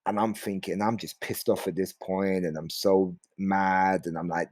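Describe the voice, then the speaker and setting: A young man tells animated, profane stories as a podcast guest, acting out the people in them. His voice sits low, and the recording from his home is very dry. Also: moderate pace, hardly any pauses, no echo. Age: young adult. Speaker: comedian guest. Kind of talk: casual podcast storytelling. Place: home, remote. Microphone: remote call mic.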